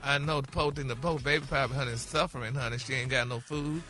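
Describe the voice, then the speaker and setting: A man's voice: medium pitch, fairly even intonation, fast, loud music behind the voice. A man from Port Arthur, Texas, dishing celebrity gossip on a morning radio show, flamboyant and calling everyone honey and baby. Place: radio studio.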